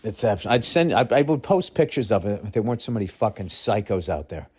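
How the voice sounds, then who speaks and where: Podcast host, male, deep low register, blunt and profane, rambling solo monologue. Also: brisk, husky. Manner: profane, blunt, excitable storytelling.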